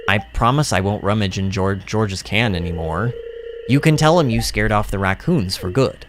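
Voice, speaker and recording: A man reading a gentle, shy hermit in a farming game, low and quiet. He speaks meekly and slowly. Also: animated, background noise, close to an everyday voice.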